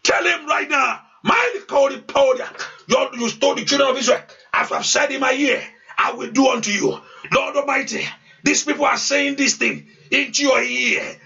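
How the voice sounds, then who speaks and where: Fervent high-voiced preacher, gravelly and distant. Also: male voice, normal speed. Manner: fervent, repetitive, shouted pleas, speaking in tongues. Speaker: pastor. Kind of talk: fervent sermon prayer. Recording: distant, dull lo-fi sound.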